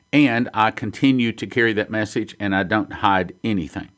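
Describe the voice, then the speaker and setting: A man's voice: lowish voice, normal speed, few pauses, fairly bright tone. A man hosting a prophecy ministry, teaching in a sermon style and reading headlines and quotes aloud earnestly.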